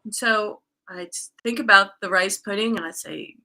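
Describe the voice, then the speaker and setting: A woman speaks as a guest in a relaxed, conversational exchange, with a bright, forward tone. She tells a personal story openly, leaning on fillers like "um" and "you know" and restarting her sentences as she goes. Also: mid-range voice, moderate pace, few pauses. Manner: candid, storytelling with frequent fillers. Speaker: guest, coach. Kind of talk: casual conversation.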